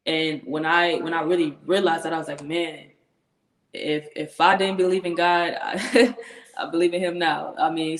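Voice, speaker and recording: A young woman, a professional football player, talking earnestly as an interview guest, laughing often and repeating herself as she talks. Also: low-pitched. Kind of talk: casual interview chat. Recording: echoey room.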